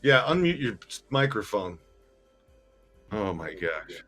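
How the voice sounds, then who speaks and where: Laughing, unhurried podcast host. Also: male voice, on the low side, very animated, a bit bright, faint music behind. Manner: laughs often, teasing, reads viewer comments. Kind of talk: casual podcast chat.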